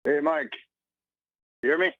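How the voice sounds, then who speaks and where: A man calling in to a talk radio show, fired up and talking fast, heard over a phone line. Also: dry recording. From San Diego area. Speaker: caller. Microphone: telephone.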